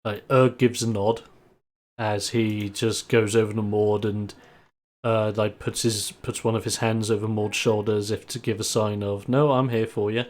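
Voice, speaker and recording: A man's voice: fairly low pitch, flat delivery, moderate pace. Casual male game master. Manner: casual, descriptive. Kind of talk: narrating a tabletop game.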